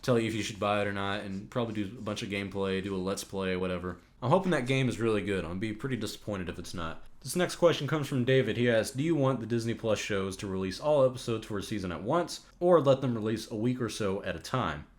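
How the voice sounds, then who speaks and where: A man's voice: lowish voice, fast talker, few pauses. A man hosting a casual solo podcast, reading out viewer questions and giving blunt opinions, swearing when he gets worked up.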